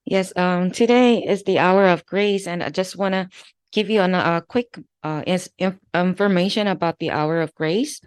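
A woman with a Korean accent reads devotional passages aloud at an easy, deliberate pace. She is a religious sister, steady and careful, with small restarts along the way. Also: on the low side, clear, resonant tone, no echo. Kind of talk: reading devotional texts aloud.

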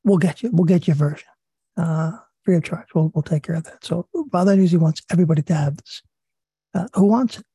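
Male study leader, raspy and mellow, earnest reading with asides, dry sound. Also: fairly high pitch, no room sound. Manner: earnest, repeats himself, pauses with fillers. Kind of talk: religious study talk, reading and commenting.

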